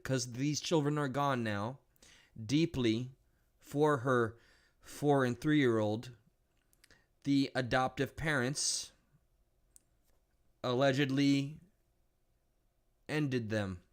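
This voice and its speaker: Male live-stream host, indignant, blunt, mid-pitched, casual. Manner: blunt, indignant, thinks aloud with restarts.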